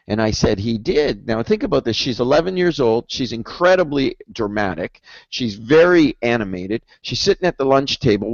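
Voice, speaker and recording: A man giving a real estate sales training webinar in an energetic, persuasive style, with stories along the way. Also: medium pitch, no room sound. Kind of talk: webinar lecture. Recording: dull dry webinar audio.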